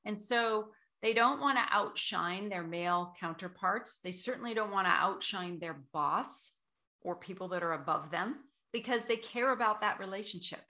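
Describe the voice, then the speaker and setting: A woman who coaches voice and public speaking, giving measured, explanatory answers as an interview guest. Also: mid-range voice, sharp tone.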